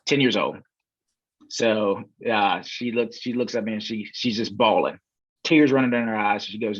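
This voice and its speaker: A man with a lowish voice speaks at a moderate pace, guesting on a podcast as a real estate investor. He's a relaxed storyteller spinning a long tale in casual conversation, full of fillers and acted-out quotes. The recording is dry, dull and lo-fi.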